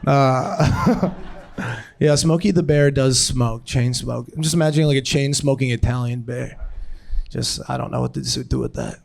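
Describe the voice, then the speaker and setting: A man's voice: mid-range voice, normal speed, vocal fry, a little mellow. A young man doing improvised stand-up on a comedy club stage, rambling and giggling at his own jokes.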